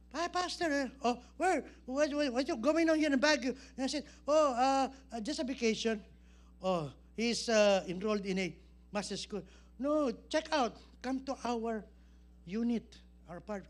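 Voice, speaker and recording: Animated Filipino pastor telling a story. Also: male voice, very high-pitched. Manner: animated storytelling, switching languages, acts out quoted voices with jokes. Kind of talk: sermon.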